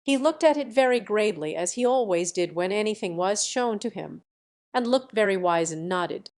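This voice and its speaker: A woman reads a storybook tale aloud in a steady, measured voice. Her pitch sits in the middle range. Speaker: audiobook narrator. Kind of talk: storybook narration.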